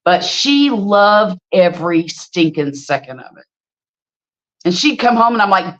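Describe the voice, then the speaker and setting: A middle-aged woman, hosting a casual livestream and chatting with viewers as an animated storyteller. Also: mid-range voice, unhurried. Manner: animated storyteller, exclaims freely. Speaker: livestream host. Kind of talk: casual livestream chat, reading viewer comments. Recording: slightly dull lo-fi stream audio.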